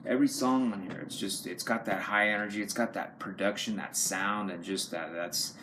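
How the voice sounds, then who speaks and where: A man's voice: on the low side, steady tone, normal speed, sharp tone, slight background noise. A man casually showing his record collection, rambling and enthusiastic, swearing often and using many fillers. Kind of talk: casual unscripted talk to camera.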